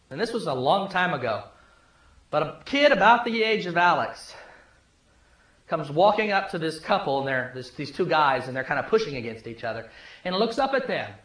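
A male pastor preaching a sermon, telling a story conversationally and dropping low and soft for emphasis. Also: lively intonation, normal speed. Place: church sanctuary. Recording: echoey church room.

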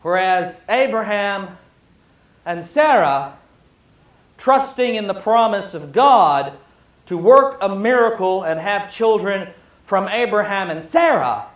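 Male pastor, sermon, emphatic storytelling, high voice, echoey church room. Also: expressive, slow pace, muffled recording. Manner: storytelling, emphatic, joking asides.

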